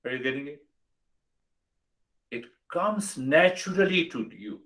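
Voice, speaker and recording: A man's voice: a little high, unhurried, poor audio. Older man teaching, emphatic and rhetorical. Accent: Indian English. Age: 60s. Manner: rhetorical, repeats questions, emphatic. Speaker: spiritual teacher. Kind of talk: spiritual talk.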